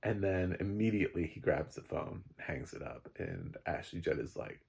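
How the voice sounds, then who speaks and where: Deep, gravelly male film reviewer. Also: moderate pace, few pauses, darkish tone. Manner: rambling and joking, with frequent fillers and profanity. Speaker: movie reviewer. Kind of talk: casual spoken film review.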